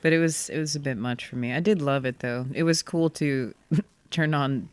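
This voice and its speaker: A woman guest talks about her past work in a relaxed, frank manner with casual swearing. Her voice is smooth and resonant. The recording is close and dry. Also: low voice, normal speed, no echo. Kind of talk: casual chat.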